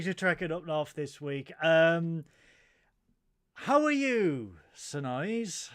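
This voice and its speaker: A man's voice: fairly high pitch, sing-song, slow pace, a bit bright. A man hosting a comedic podcast over a video call, with a playful, theatrical announcer delivery. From England. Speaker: podcast host.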